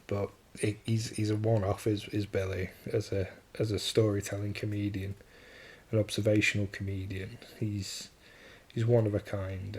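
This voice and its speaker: A man's voice: lowish voice, a little mellow, husky. A man hosting a solo podcast, talking casually and enthusiastically, chuckling often and restarting his sentences. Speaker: podcast host.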